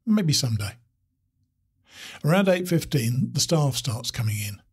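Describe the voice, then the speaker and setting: A man reading a story aloud in a measured, descriptive way, with a raspy voice. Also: mid-range voice, big pitch swings.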